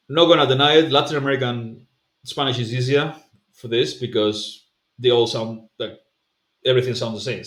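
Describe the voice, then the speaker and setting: A man's voice: mid-range voice, normal speed, pauses often, a bit bright. A man giving a pronunciation lesson as a language coach, explaining patiently with fillers and repeating sounds to demonstrate them. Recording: roomy echo.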